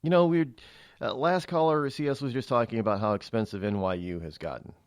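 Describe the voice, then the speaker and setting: A man's voice: mid-range voice, fairly quick, smooth, no echo. A man hosting a talk radio show, delivering a rambling, opinionated monologue into a studio microphone.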